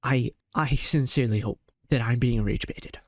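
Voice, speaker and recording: A man's voice: mid-range voice, normal speed, dry recording, studio quality. A young man in reaction commentary, ranting with exasperated, profane and slangy outbursts. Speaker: commentary host.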